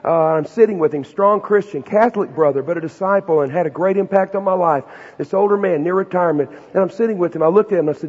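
A middle-aged man preaching a sermon, a folksy, emphatic storyteller who builds to loud punchlines. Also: high-pitched, fast, husky. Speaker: preacher and Bible professor. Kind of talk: sermon with personal stories. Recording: dull recording with long hall reverb.

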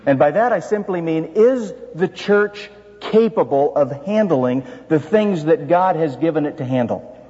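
Man, pastor, preaching a sermon, rhetorical questions, breathy voice, dull lo-fi sound. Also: a little high, lively intonation, unhurried, warm tone. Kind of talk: expository sermon. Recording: dull reverberant hall sound.

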